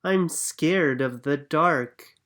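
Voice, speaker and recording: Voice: mid-range voice, drawn-out words, a bit bright, pitched above the performer's own voice. A reader doing a shy, worried little girl. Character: anxious young girl, shy. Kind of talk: storybook reading.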